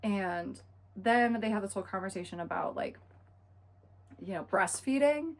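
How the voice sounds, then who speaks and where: A young woman recapping a book in a casual, chatty way, full of fillers and quick asides. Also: medium pitch, animated. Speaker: book reviewer.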